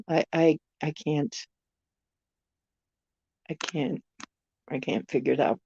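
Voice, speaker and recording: A woman's voice: deep voice, steady tone, takes it slowly, pauses often, mellow, slightly rough, no echo, lo-fi sound. A woman from the United States hosting a casual live stream, musing aloud and answering viewer comments. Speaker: channel host chatting with viewers.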